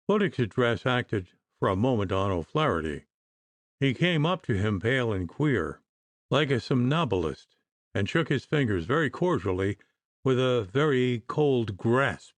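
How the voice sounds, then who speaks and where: A man narrating a classic novel as an audiobook in an expressive storytelling manner. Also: medium pitch, measured pace, no room sound. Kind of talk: scripted narration.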